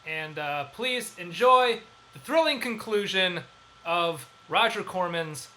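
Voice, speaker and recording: A man's voice: sits high, lively intonation, slow, bright, forceful tone, low-quality recording. A man hosting a live horror movie stream in a wry, joking way with loose fillers. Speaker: horror host. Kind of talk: livestream hosting.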